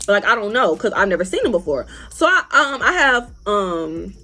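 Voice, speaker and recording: A young woman telling a story to her vlog audience in an animated, profane, casual way. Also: medium pitch, moderate pace. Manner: animated, profane, acts out other people's lines. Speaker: vlogger.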